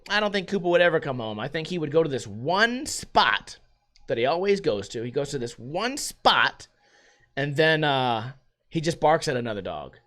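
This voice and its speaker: A man with a fairly high voice hosts a laid-back solo podcast from his home. He rambles from one thing to the next and swears freely. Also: a bit bright. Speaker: podcast host. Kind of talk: casual solo podcast chat.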